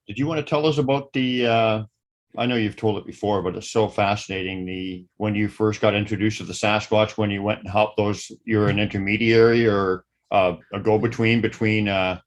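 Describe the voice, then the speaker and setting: A man hosting a casual interview, asking rambling, halting questions. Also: fairly low pitch. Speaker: host.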